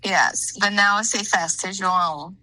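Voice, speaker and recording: A woman leads a pronunciation drill at a very unhurried pace, with a bright, clear tone. She models each word patiently and encourages her student, and her voice sounds dry and close. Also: medium pitch, dry recording, rough recording. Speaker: pronunciation tutor.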